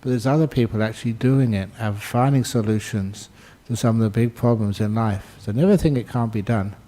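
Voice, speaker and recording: An older man, a Buddhist monk, giving a Dhamma talk with gentle humour and emphatic repetition. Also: fairly low pitch, brisk. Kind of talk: sermon.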